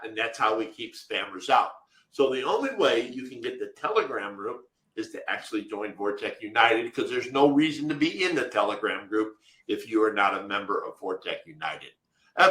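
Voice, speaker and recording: A man's voice: medium pitch, sing-song, moderate pace, pushed and bright, echoey room, rough recording. A man co-hosting a live webinar, answering viewer questions from the chat in an emphatic, direct way. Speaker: webinar co-host.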